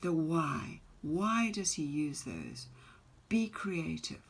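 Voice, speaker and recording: A woman teacher giving a recorded poetry lesson, asking her students question after question in a measured way. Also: low voice, big pitch swings, gravelly, slightly rough. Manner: slow, questioning, reads poem aloud with emphasis.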